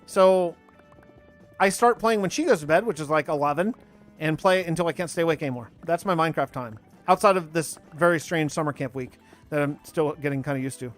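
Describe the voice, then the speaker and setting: Chatting over his game and replying to viewers, a thirties-aged streamer rambles along in a brisk voice on the high side. Soft music plays behind him.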